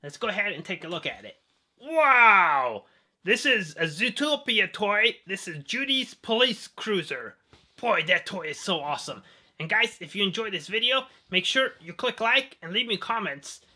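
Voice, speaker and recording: Bright-voiced enthusiastic toy host. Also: mid-range voice, expressive, moderate pace. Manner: enthusiastic, exclaiming. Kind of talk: toy unboxing intro.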